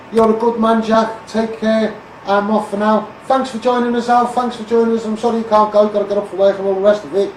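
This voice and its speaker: A middle-aged man with a high-pitched Scouse voice rants bluntly on a live stream, rambling and repeating his points. He is set back from the phone in an echoey room, with a faint hum of room noise behind him. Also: darkish tone, recorded from a distance. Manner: blunt, rambling, repeats himself, calls listeners mate. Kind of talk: ranting live stream to followers. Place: home room.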